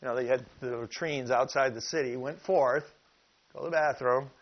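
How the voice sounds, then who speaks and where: A man preaching a sermon who teaches from scripture, asks the listeners questions and reads verses slowly with emphasis. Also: medium pitch. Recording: dull lo-fi recording.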